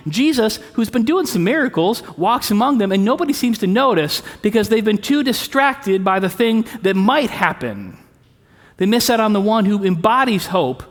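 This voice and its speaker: A man preaching a sermon as pastor, in a conversational way with rhetorical questions, recorded in a church sanctuary. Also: high voice. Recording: long reverb of a sanctuary.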